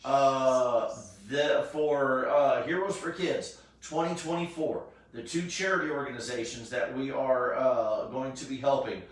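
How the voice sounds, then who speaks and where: A man's voice: mid-range voice, steady tone, unhurried, hardly any pauses. A man hosting a casual charity live stream, rambling with lots of fillers and restarts. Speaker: charity cosplay event host. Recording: echoey room, distant mic.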